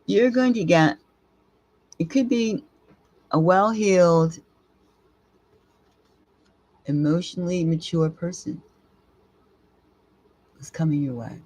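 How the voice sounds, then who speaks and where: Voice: medium pitch, takes it slowly, pauses often, a little mellow, no room sound. A tarot reader giving a live reading, with blunt, emphatic advice, casual swearing, and sentences that ramble and restart.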